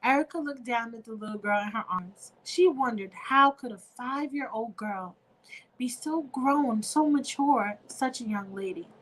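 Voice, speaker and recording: A woman's voice: a little high, a little slow, a bit bright, poor audio. Chatty young woman reading a fan story. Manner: chatty, talks to listeners as "y'all". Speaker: storyteller and show host.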